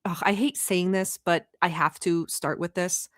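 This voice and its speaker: A woman from the Middle East hosting a casual live stream from home, chatty and gossipy and quick to laugh. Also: lowish voice, fairly even intonation, a bit bright, no echo, clean studio sound. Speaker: livestream host. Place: at home in a swivel chair.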